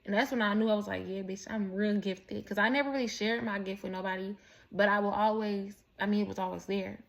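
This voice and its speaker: A woman's voice: mid-range voice, steady tone, fast, creaky. A woman telling a personal story in a candid, profane, rambling way, full of restarts and asides. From Mexican heritage. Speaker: vlogger. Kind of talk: casual storytelling monologue.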